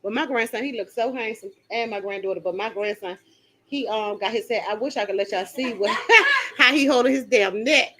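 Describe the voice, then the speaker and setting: A middle-aged woman talks on a live stream from home, animated and quick to exclaim or laugh. Her voice sits on the high side and has a sharp, bright edge. She is picked up by a phone. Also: a little hiss or hum. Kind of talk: live stream commentary and chat with viewers.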